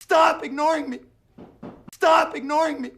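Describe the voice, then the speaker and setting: A woman delivering pleading, forceful lines as a character in a film scene. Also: sits high, steady tone, moderate pace, noisy background, lightly acted. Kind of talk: film dialogue clip.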